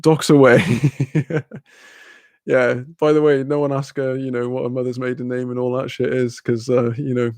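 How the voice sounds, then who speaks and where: A young man chatting casually on a live stream, laughing often and filling pauses with ums. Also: medium pitch, warm tone, no room sound.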